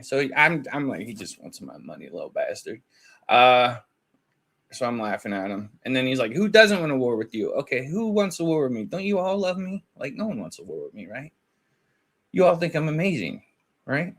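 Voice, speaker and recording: A man's voice: medium pitch, very animated, normal speed. A man hosting a casual commentary video, chatting and laughing as he retells online drama and quotes both sides of a chat. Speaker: commentary channel host.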